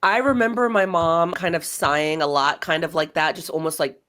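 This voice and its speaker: A woman's voice: low voice, moderate pace. A young woman hosting a podcast, telling a personal story in conversation and acting out the dialogue. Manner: animated, acts out quoted dialogue. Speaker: podcast host.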